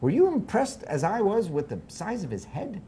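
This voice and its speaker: Lively, playful male game show host. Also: sits high, moderate pace, noisy background. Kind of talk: hosting a comedy game show.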